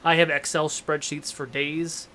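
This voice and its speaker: A man's voice: fairly high pitch, flat delivery, a little slow, pushed and bright. A man in his thirties, a game master and show host, talking candidly in a rambling, self-deprecating way in a casual panel discussion.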